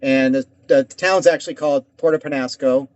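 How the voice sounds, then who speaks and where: A man's voice: mid-range voice, fairly even intonation, brisk, clear, resonant tone, dry recording. A man co-hosting a casual talk show, ranting at length and swearing often. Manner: heated, rambling, swears often. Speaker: podcast co-host. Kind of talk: casual conversation. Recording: dull dry lo-fi sound.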